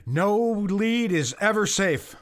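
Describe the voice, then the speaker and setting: A man's voice: high voice, expressive, takes it slowly. A man co-hosting a sports podcast, commenting in a wry, sarcastic way. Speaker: podcast co-host. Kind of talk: casual sports podcast chat.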